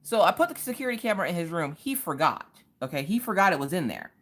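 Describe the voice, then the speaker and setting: A talkative woman runs a relaxed livestream, telling stories and greeting viewers by name. Her voice sits low but swings up and down a lot as she talks. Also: fast talker. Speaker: livestream host. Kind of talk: casual livestream chat.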